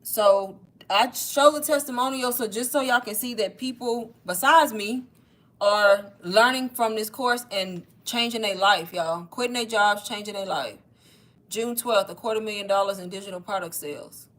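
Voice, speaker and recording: A young woman selling online courses hosts a casual livestream, pitching directly to viewers in a loose, chatty way and saying "y'all" constantly. At normal speed and with a fairly bright tone, she sounds slightly breathless as she keeps urging people to post questions in the chat.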